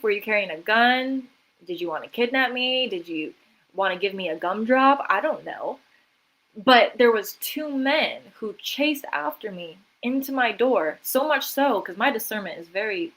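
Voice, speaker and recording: A woman's voice: medium pitch, lively intonation, moderate pace, fairly bright tone, low-quality recording. A woman guest on a livestream interview, retelling events vividly and dramatically, quoting her own thoughts. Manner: vivid, dramatic retelling with quoted inner voices. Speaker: guest, artist and author.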